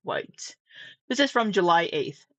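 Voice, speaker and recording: Sitting at her home desk, this Southwest Missouri commentary vlogger talks through a reaction in a loose, rambling way, swearing and starting sentences over, with a Midwestern American accent. Her voice is medium in pitch, animated, unhurried and slightly bright. The close-up camera mic picks up no room sound.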